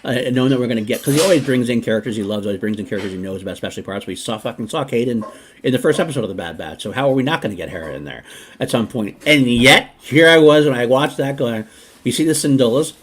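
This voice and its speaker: A man hosting a casual podcast chat, talking in an animated, rambling way with many restarts. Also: mid-range voice, quick pace, slightly rough. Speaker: podcast host.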